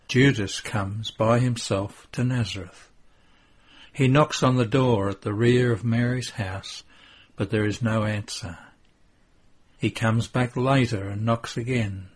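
Brief: solemn male narrator for a devotional story, unhurried and slightly husky. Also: lowish voice. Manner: solemn, measured reading.

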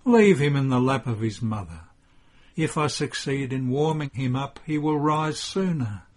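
A husky-voiced man voicing a grieving mother who pleads with anguished exclamations beside her dead son. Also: mid-range voice, lively intonation, unhurried. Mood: pleading.

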